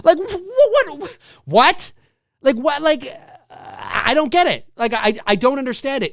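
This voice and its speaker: A man hosting a live movie talk show, ranting in exasperation, repeating rhetorical questions, swearing and bursting into shouts. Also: very high-pitched, no echo, studio quality. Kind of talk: ranting solo commentary.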